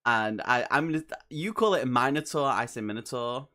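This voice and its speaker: A man's voice: mid-range voice, sing-song, a little fast, bright, forceful tone. A man with an American accent chatting casually as a guest co-host, giggling often and poking fun at himself. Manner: laughs often, giggly, self-deprecating. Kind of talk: casual chat.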